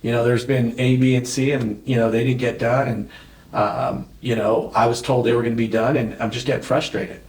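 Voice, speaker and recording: A man's voice: medium pitch, flat delivery, fairly quick, a little mellow, far from the mic, natural voice. A man acting out an upset male home seller who rambles and apologizes. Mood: frustrated. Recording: roomy echo.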